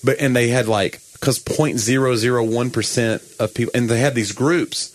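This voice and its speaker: A man co-hosting a casual talk show, joking around and breaking into loud mock rants. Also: mid-range voice, moderate pace. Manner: animated, jokey, bursts into loud mock rants. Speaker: comedian co-host. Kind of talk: casual chat.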